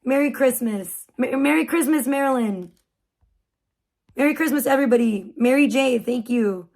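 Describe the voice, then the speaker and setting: A young woman hosting a casual livestream, her voice pitched high and a little worn from a sore throat. She talks in an excitable, loose way and swears freely. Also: normal speed, vocal fry. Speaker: livestream host.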